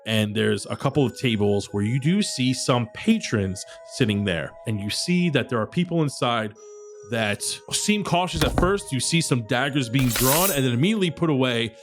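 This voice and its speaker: A man's voice: mid-range voice, expressive, moderate pace, faint music behind. A man narrating a tabletop game as dungeon master, describing scenes at length.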